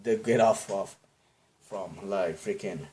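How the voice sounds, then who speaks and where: A man's voice: on the low side, takes it slowly, dark tone. Rambling man hosting a solo podcast. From Bangladesh. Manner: rambling, self-deprecating, tangent-prone, laughs at own jokes. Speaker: podcast host.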